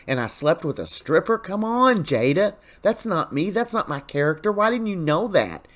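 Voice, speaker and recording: A man's voice: sits high, very animated, normal speed, fairly bright tone, pitched above the performer's own voice. A man voicing a hurt, stern man who reproachfully questions his partner, while recapping a soap opera.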